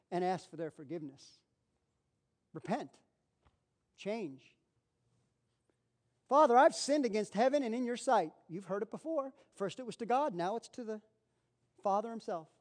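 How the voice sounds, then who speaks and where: Preacher guy, high-ish voice, acts out the bible story, repeats himself a lot. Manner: animated, acts out Bible figures, repeats phrases. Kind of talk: sermon.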